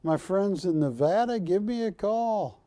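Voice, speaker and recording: Slow, persuasive TV shopping host man. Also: high voice, lively intonation, dark tone, no room sound. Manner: persuasive, repeats words for emphasis. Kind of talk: live TV sales pitch. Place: TV studio.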